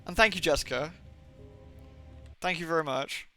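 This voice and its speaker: A male game streamer with a blended Somerset and Birmingham accent chats and rambles to his viewers, swearing freely as he goes. His voice is a touch high and sounds bright and forceful. Faint music plays underneath him. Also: normal speed. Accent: Somerset and Birmingham mix. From southwest England. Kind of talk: casual live-stream chat.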